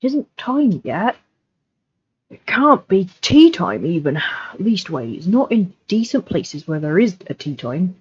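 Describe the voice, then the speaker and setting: A woman on a livestream voicing a wary young male hobbit servant with a rough rural accent attempt, over lo-fi audio. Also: fairly low pitch, big pitch swings, slow, a little mellow, exaggerated voice. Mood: suspicious. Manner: suspicious, attempts a rural West Country accent.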